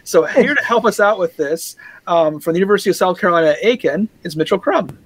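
A man's voice: sits high, expressive, quick pace, breathy edge, low-quality recording. A man hosting a casual discussion podcast, talking in a conversational way with frequent fillers and a dry, sarcastic edge. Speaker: podcast host.

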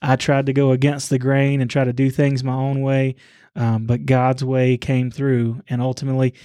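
Man, mellow tone, dry close sound, casual scripture retelling, halting with fillers. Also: medium pitch, monotone, no echo. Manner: retells the story loosely, with many "uh" pauses and repeated words. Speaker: son discussing scripture with his father. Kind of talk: casual Bible storytelling conversation.

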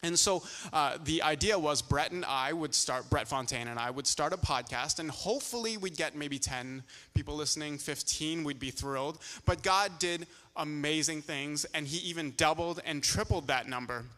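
A man's voice: fairly high pitch, pushed and bright. Male pastor, church talk, hesitant with fillers; echoey hall sound. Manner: halting, many filler sounds.

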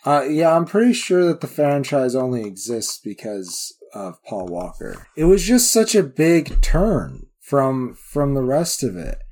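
A man co-hosting a casual film chat podcast, animated, loose and given to swearing and laughing. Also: medium pitch, a little slow, few pauses. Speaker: podcast co-host.

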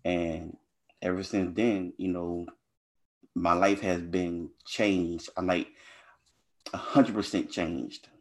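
Guest, man, low-pitched, casual and earnest storyteller. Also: little pitch movement, takes it slowly, long pauses. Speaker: interview guest. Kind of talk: personal testimony in conversation.

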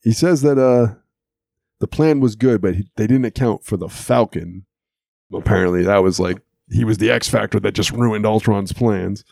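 A man's voice: fairly low pitch, normal speed, vocal fry, a little mellow, no room sound. A man co-hosting an audio podcast, chatting and laughing as he recaps a cartoon episode. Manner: chatty, amused, laughs often while recapping. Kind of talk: casual chat.

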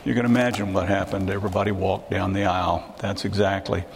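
Older preacher, chatty sermon, lots of questions to the crowd, echoey hall, hiss behind. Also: male voice, deep voice, level tone, fairly quick. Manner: conversational, asks the congregation rhetorical questions.

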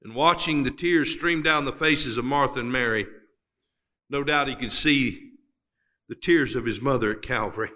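A man preaches a sermon in a bright, forceful voice, pitched about the middle for a man. He leans on long dramatic pauses and builds to emphatic climaxes. He reads scripture in old-fashioned wording.

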